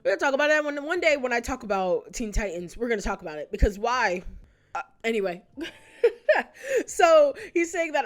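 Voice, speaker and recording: A woman's voice: on the high side, big pitch swings, a little fast, pauses often. A woman in her twenties talking casually as a video host, chatty and full of asides and rhetorical questions. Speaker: YouTube host. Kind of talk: casual retrospective commentary.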